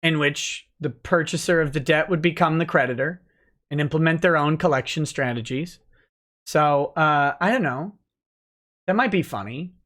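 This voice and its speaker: A man's voice: a little high, normal speed, fairly bright tone. A man hosting a casual livestream, joking and rambling while reading out chat messages. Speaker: livestream host, lawyer.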